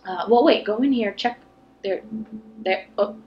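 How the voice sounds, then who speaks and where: A woman's voice: medium pitch, unhurried, highs cut off. A woman hosting a let's play, telling her co-player where to go and trading blunt jabs with him. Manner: directive, bossy guidance with blunt banter. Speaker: channel host, guiding the player. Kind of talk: casual gameplay chat.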